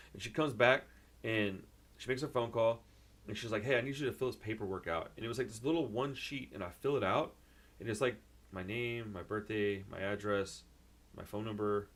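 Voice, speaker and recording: A young man telling a rambling, excitable story in a casual vlog, full of fillers and restarts. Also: fairly low pitch. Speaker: vlogger.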